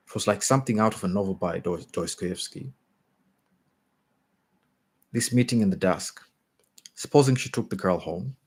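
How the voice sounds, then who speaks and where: A man reading a short story aloud in a measured way, sometimes restarting a phrase. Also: fairly low pitch, darkish tone, husky. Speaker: reader.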